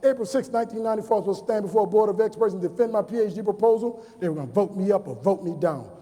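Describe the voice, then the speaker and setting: A man's voice: high-pitched, very fast, warm tone. Man, forties, from New Orleans, motivational speaker, storytelling, emphatic repetition, long hall echo. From New Orleans, USA. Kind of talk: motivational speech to students. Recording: long reverb of a large hall.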